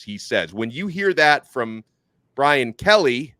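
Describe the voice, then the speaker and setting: A man's voice: mid-range voice, very animated, slow pace, pushed and bright, no echo. A man hosting a sports podcast, laying out his analysis in a conversational way. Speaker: podcast host.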